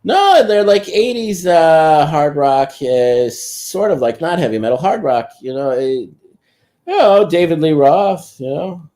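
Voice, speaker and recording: Male guest, casual talk, halting delivery, warm dark tone. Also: a little high, lively intonation. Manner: halting, many fillers and restarts. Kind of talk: casual chat.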